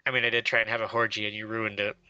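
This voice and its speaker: A man's voice: on the low side, monotone, rapid-fire, pushed and bright, smooth, dull audio. A man playing a tabletop game, joking brashly and swearing as he describes his character's moves. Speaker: player.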